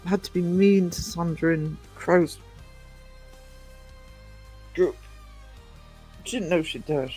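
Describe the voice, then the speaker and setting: A man's voice: on the high side, slow pace, pauses often, darkish tone, breathy edge, soft background music. A man hosting a casual livestream, rambling and greeting viewers by name as he chats. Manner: rambling, chatty, self-interrupting. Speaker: livestream host.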